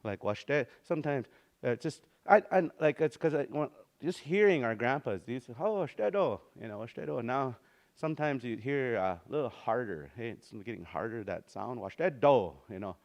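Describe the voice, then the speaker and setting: A man teaching a language lesson in a relaxed, easygoing way, slowly repeating words for practice and often restarting his sentences. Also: medium pitch, muffled recording. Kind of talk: informal spoken language lesson.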